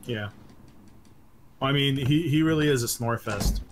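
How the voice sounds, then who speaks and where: A man's voice: mid-range voice, measured pace. A man hosting a gaming stream, bantering with dad jokes and puns. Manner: joking, pun-loving banter. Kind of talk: casual gaming stream chat. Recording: noisy background.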